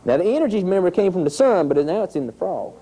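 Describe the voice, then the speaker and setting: A man, teaching a group of children outdoors, telling a lively story with sound effects. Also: high-pitched, fast talker, slight background noise, poor audio. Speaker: environmental educator. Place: outdoors at a nature center.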